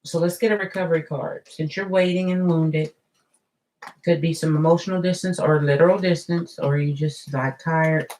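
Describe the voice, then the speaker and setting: A woman giving a live tarot reading in a chatty, drawn-out way, full of asides. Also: deep voice, fairly even intonation, a little mellow, low-quality recording. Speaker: tarot reader.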